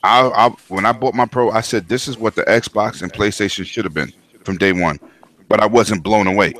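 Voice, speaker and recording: Bright-toned low-voiced podcast host. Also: male voice, slight background noise. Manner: emphatic, slangy, quick interjections. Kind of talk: casual chat.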